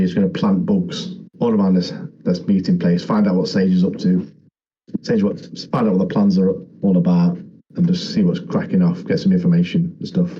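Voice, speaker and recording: A man in casual podcast chat, his low voice dark and husky. He laughs easily and keeps tossing in tag questions. The recording sounds a little dull and lo-fi. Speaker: podcast co-host.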